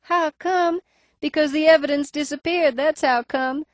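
A woman's voice: sits high, fairly even intonation, measured pace, no echo, pitched above the performer's own voice. A woman voicing a blunt, teasing middle-aged female police records clerk with a nasal voice and a faint lisp, in an audiobook. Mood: emphatic gossipy. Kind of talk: audiobook character voice.

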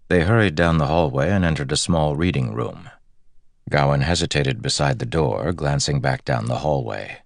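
A man narrating a fantasy audiobook in a steady, even manner. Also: extremely low pitch, gravelly, no room sound, studio quality.

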